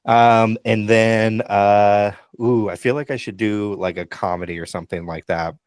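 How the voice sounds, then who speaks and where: A middle-aged man, a pastor, chatting casually on a podcast over a video call, relaxed and hesitant with frequent ums. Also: fairly low pitch, moderate pace, clean tone, no echo. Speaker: pastor and co-host.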